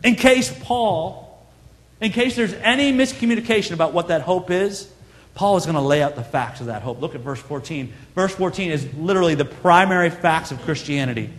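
High-voiced preacher man in a reverberant hall. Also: fairly quick, fairly bright tone. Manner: earnest, conversational preaching with emphatic repetition. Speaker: pastor. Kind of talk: sermon.

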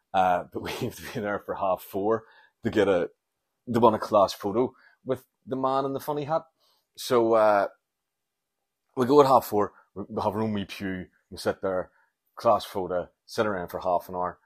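A man, rambling and swearing through a comic solo podcast monologue recorded at home at night. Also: on the low side. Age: 40s. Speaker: podcast host.

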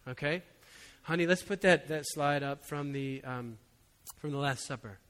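A man preaching as a pastor, telling a personal story in a relaxed, conversational way with frequent chuckles. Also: a little high, normal speed. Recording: long hall reverb.

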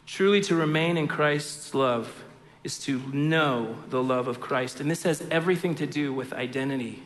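Pastor, middle-aged man, higher voice, impassioned sermon delivery, long reverb of a church hall. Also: moderate pace. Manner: impassioned, swings from hushed to loud emphatic preaching.

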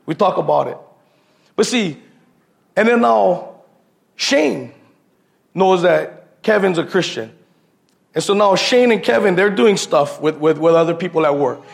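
Gravelly man preaching casually. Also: high-pitched, animated, measured pace, pauses often. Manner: casual, slangy, repeats himself, calls listeners bro. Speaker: lay preacher. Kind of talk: informal sermon with personal stories.

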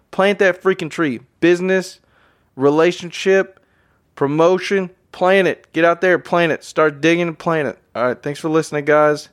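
A man hosting a motivational podcast, talking energetically and repeating phrases for emphasis while addressing his listeners as guys. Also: fairly high pitch. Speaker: podcast host. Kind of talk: motivational monologue.

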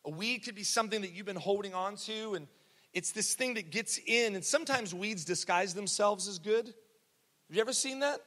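Speaking at normal speed in a high, pushed and bright voice, a young pastor tells a story during his sermon in a casual, joking way, with laughs and asides to the congregation. His handheld or headset mic picks up the sanctuary's long church reverb.

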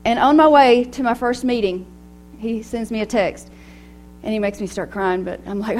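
A middle-aged woman speaking to a women's gathering in a personal, animated way, laughing often as she talks. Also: on the high side, normal speed, slight background noise. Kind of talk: devotional talk to women.

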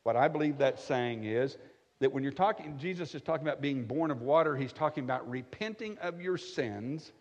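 A man's voice: mid-range voice, lively intonation, a little fast. A middle-aged man preaching a conversational sermon with folksy jokes, often checking in with his listeners by asking "right?". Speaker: pastor. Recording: echoey hall, slightly dull sound.

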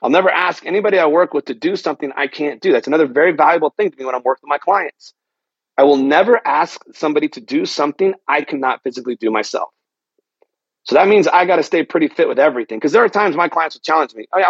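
A middle-aged man hosts a health podcast alone and speaks earnestly and reflectively. His voice is fairly high for a man, husky and gravelly. The sound is dry and a little dull. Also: lively intonation, quick pace, no room sound. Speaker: podcast host. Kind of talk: solo health podcast monologue.

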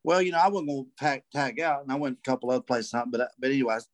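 A man, a guest telling a hunting story in a casual, animated way and acting out voices and calls. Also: mid-range voice, fast talker, no echo. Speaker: guest turkey hunter.

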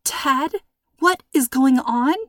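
A woman's voice: high-pitched, slow, fairly bright tone, dry recording, clean studio sound, voice pushed up. A woman voicing a frightened young girl in a storybook reading, asking breathless, pleading questions. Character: frightened young girl, kidnapped with her father.

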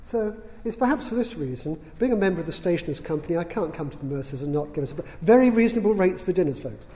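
A man giving a public lecture in a large hall, dry and witty, unhurried, with the odd filler. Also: high-pitched, lively intonation, warm tone. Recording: reverberant hall sound.

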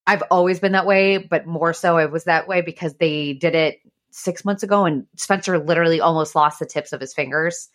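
A woman's voice: fairly low pitch, a little fast. A woman hosting a podcast, chatting candidly and swearing freely as she tells stories about parenting. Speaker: podcast host. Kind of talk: casual chat.

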